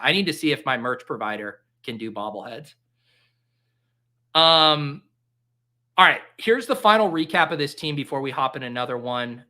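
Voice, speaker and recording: Animated man hosting a live stream. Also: mid-range voice. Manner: animated, joking, quick exclamations. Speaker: livestream host. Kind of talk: casual live commentary.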